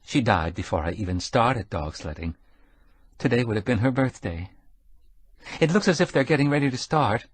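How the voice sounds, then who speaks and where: A man voicing an eager, excited young woman who drives a dog sled, chattering brightly. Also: medium pitch, moderate pace, slightly rough, no echo. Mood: delighted.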